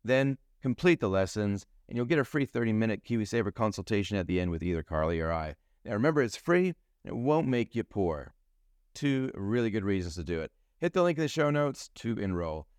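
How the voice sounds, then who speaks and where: A man's voice: fairly low pitch, lively intonation, a little fast, darkish tone, smooth, no echo, clean studio sound. A man hosting a solo podcast, a financial advisor talking in a chatty, jokey way. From New Zealand. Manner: chatty and jokey, food metaphors. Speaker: podcast host.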